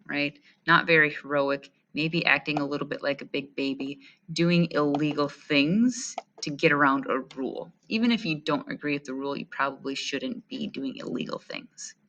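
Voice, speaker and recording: Bright-voiced woman teaching a read-aloud. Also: deep voice. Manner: friendly, asks rhetorical questions, reads then comments. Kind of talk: read-aloud history lesson.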